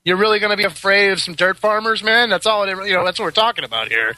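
A man's voice: sits high, quick pace, bright, forceful tone, no echo. A man hosting a casual talk show, telling stories with sarcastic asides and frequent laughs. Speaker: podcast host. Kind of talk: casual chat.

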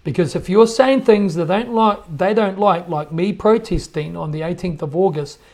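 A man talks over clips on his podcast. His voice sits a little high and has a gravelly edge. He sounds indignant and hammers his points home by repeating them. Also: moderate pace, a little mellow. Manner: indignant, emphatic, repeats himself. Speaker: podcast host. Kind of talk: commentary on played clips.

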